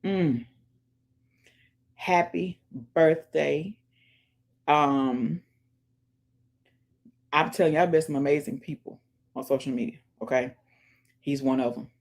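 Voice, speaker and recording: A woman vlogger hosts her channel in casual chat, her voice sitting low as she speaks slowly with frequent pauses. She listens to music through her earphones while giving emphatic shout-outs and calling viewers "y'all." She turns preachy too, urging them to pray and support others.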